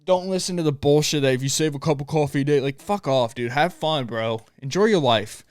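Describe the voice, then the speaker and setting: Young dude podcasting solo, hyped and swearing a lot, smooth clear voice, dry close mic. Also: male voice, a little high, a little fast, no echo. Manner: profane, pumped-up motivational rant. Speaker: podcast host. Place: home room, dog barking nearby.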